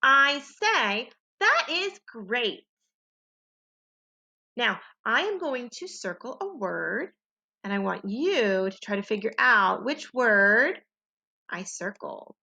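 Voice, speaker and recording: Slow, lively-voiced woman teaching young kids. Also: medium pitch, highs cut off. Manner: slow, clear, exaggerated sentence modeling for young kids. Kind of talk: children's phonics lesson.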